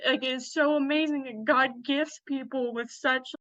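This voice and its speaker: A woman with a bright, forceful voice tells her story in a loose, animated way, laughing often and speaking bluntly. The recording is dull and lo-fi, and very dry. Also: sits high, normal speed, no echo. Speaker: guest, Western fashion influencer. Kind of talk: casual storytelling.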